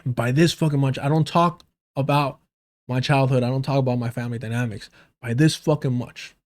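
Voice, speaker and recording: A man's voice: medium pitch, steady tone, a little fast, darkish tone. A man from the United States giving heated, profane, sarcastic commentary on a political debate during a livestream.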